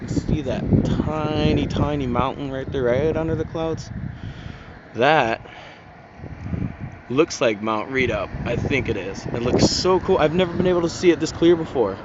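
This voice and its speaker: A fairly high-voiced young man from Alaska records a casual travel vlog on his phone at a roadside lookout, full of awed exclamations. The audio is muffled, and loud passing traffic runs underneath. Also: normal speed. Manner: chatty, awed exclamations while walking. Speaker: vlogger. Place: outdoors at a roadside scenic lookout near traffic. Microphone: phone held by the vlogger.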